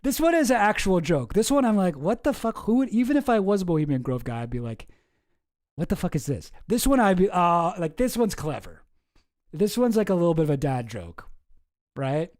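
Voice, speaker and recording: Sarcastic rambling man, mellow voice. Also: high voice, very animated, fairly quick. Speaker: host. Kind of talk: casual commentary.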